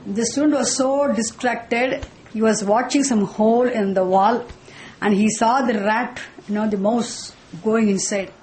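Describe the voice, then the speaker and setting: Woman teaching scripture, slowly explaining. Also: fairly high pitch, steady tone, darkish tone, poor audio. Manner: slow, explanatory, with repeated rhetorical questions. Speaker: Vedanta teacher. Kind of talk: scripture class lecture.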